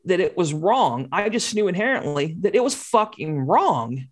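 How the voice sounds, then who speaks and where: A woman's voice: fairly low pitch, very animated, normal speed. A woman in her forties telling a story in casual podcast chat, heated and swearing freely.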